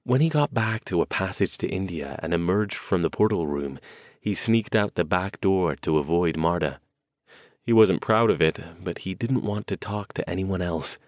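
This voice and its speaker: A man reads an audiobook in a measured, even storytelling way. His voice is very low and the recording is dry and close, with no room sound. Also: no room sound. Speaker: audiobook narrator. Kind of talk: scripted narration.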